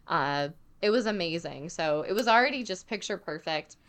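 A young woman telling a travel story in casual chat, full of "like" fillers and animated retelling. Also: fairly low pitch, moderate pace, clear, resonant tone.

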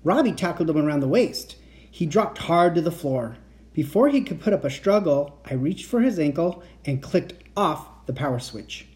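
A man's voice: fairly high pitch, animated, moderate pace, darkish tone. A man reading a children's book aloud, narrating the story expressively and acting out the dialogue. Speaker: reader of children's books.

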